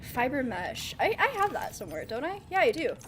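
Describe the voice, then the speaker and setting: A woman's voice: sits high, very animated, brisk, fairly bright tone, slight background noise. A woman streaming a game, chatting in a giggly, playful way as she plays. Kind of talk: casual gaming commentary.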